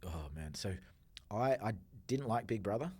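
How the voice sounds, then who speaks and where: A man's voice: on the low side, normal speed, slightly rough. A man in his forties with an Australian accent, a guest telling stories in a casual interview, acting out his own outbursts. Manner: animated storyteller, acts out quoted outbursts, swears freely. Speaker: podcast guest, entrepreneur.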